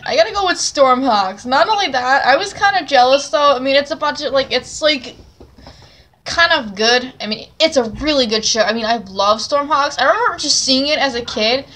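A woman's voice: high-pitched, lively intonation, normal speed, fairly bright tone. A young woman hosting a casual chat, rambling with lots of fillers and talking with enthusiasm. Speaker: channel host.

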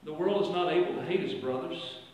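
Male pastor, high and very lively pitch, sermon delivery with sudden loud emphatic stretches, roomy far-off church sound. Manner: preaching with strong swings from quiet to loud, drawn-out emphatic phrases. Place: church sanctuary. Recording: echoey church hall from far off.

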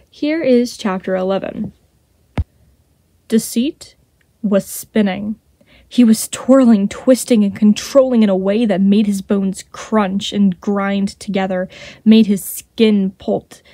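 A woman's voice: medium pitch, dark tone, dry recording. A woman reading fan fiction aloud and hosting her own channel. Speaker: podfic reader.

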